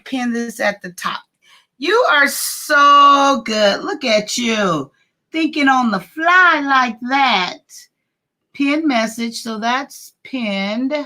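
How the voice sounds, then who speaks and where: A woman with a high, bright voice hosts a live stream, chatting casually with her viewers. She talks at an unhurried pace but swoops up and down, greets people by name and laughs often.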